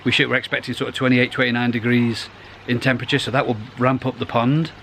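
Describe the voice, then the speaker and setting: A middle-aged man talks casually beside his pond outdoors. His voice sits at a middle pitch, and he rambles along, restarting half his sentences. Faint outdoor noise runs underneath. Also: level tone, fast, a bit bright. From United Kingdom. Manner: rambling and chatty, restarts phrases. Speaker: koi pond vlogger. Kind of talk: casual vlog.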